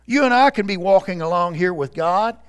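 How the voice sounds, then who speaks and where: A male pastor delivers a sermon with a fairly high voice for a man. He speaks earnestly and turns to the congregation directly. The talk comes from a church service. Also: lively intonation, a little fast, clear, resonant tone.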